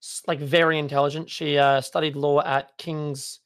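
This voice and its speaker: A man's voice: a little high, flat delivery, moderate pace. A young man, a guest in a casual chat, rambling with lots of fillers. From Australia. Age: young adult. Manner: rambling, filler-heavy, laid-back.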